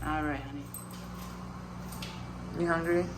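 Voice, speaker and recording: A woman dog vlogger chatting casually, coaxing her dog in a soft voice and telling the story in lively slang. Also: low voice, unhurried, noisy background. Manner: animated, swearing slang. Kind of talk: casual vlog chat.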